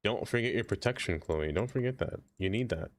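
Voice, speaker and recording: A man's voice: on the low side, lively intonation, brisk, a little hiss or hum. Joking Brooklyn guy streaming a game. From Brooklyn, New York. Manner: rambling, joking, reading chat aloud. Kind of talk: casual gaming stream chat.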